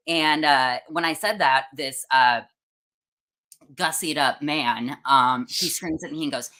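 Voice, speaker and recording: A young woman with a very low but bright, forward-placed voice tells her stories in a casual, chatty way. She laughs often and slips into mocking imitations of other people. The tone stays conversational and talkative throughout. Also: a little slow. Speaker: host.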